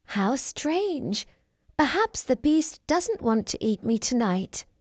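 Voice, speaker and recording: A woman's voice: high voice, very animated, slow pace, a little mellow, dry recording, exaggerated voice. A woman voicing a kind, brave young heroine in a storybook reading, with an earnest lifted tone.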